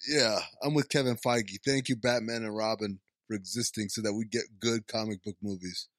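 A man's voice: lowish voice, steady tone, normal speed, dry recording, clean studio sound. A man co-hosting a movie podcast, ranting expressively and laughing in casual chat. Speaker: podcast co-host.

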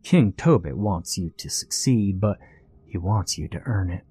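Guy doing a stiff formal creepy servant, pompous, low mellow voice. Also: animated, unhurried, husky, no room sound, full character voice. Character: smooth, formal male servant of a sinister king. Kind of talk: storytelling.

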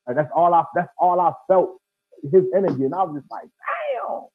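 A man's voice: fairly high pitch, quick pace, no echo. A man telling a story in emphatic street slang, heard as a guest over a phone line. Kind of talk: casual storytelling.

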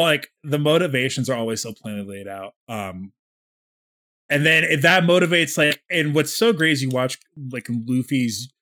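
A man co-hosting a casual podcast, full of enthusiasm and peppering his talk with "like". His pitch is in the middle range for a man. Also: a bit bright. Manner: enthusiastic, with many filler "like"s. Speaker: podcast co-host. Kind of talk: casual chat.

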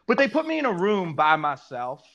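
Excitable man telling stories. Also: high voice, moderate pace, highs cut off. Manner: excitable, profane storytelling. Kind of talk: casual chat.

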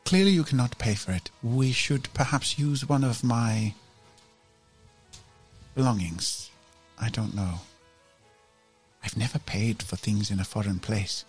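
A man's voice: on the low side, a little slow, long pauses, soft background music, pitched below the performer's own voice, close to an everyday voice. A man voicing a proud noble woman abroad who speaks in stiff, stilted formal phrases. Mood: pondering.

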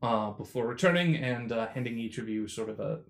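A man running a tabletop role-playing game as game master, narrating in a relaxed, halting way with frequent fillers. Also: mid-range voice.

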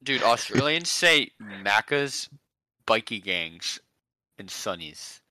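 A man's voice: lowish voice, sing-song, slow pace, bright, forceful tone, no echo, poor audio. A young man co-hosting a casual podcast chat, ranting in exasperation with crude language. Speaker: podcast co-host.

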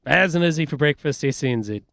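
A man's voice: fairly high pitch, lively intonation, fast talker, gravelly, fairly bright tone. A man co-hosting breakfast radio, chatty and enthusiastic, teasing his partner. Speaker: radio co-host.

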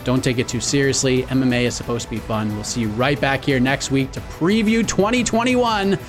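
A man's voice: medium pitch, fairly quick, soft background music. A man co-hosting a sports podcast, talking in an upbeat, casual way with some fillers as he wraps up the show. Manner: upbeat, sign-off patter with fillers. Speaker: podcast co-host.

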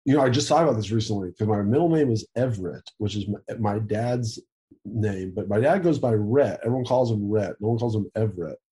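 Young male guest on a video call, low mellow voice, loose rambling answers with easy laughs and casual swearing. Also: animated, brisk. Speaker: interview guest. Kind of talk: casual chat.

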